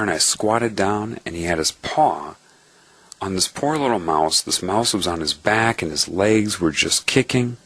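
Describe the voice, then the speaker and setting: A man narrating a first-person testimony in a calm, earnest, musing way. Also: sits low, slightly rough, dry recording. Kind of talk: reflective first-person storytelling.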